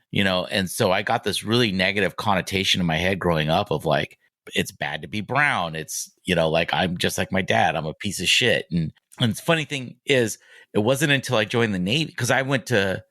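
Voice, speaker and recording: A man in his forties talks with a fairly low, grounded voice, recorded close and dry with no room sound around him. He tells personal stories candidly, stopping and restarting, with filler words scattered through his speech. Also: sharp tone, no room sound. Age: 40s. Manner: halting, frequent "like" fillers and restarts. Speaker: podcast guest.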